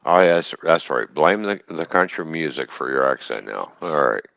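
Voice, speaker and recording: A man's voice: rumbling low, lively intonation, normal speed, vocal fry, a bit bright, no room sound, dull audio. A man with a Canadian accent hosting a casual stream panel, blunt and teasing, with frequent swearing. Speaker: stream host. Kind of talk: casual chat.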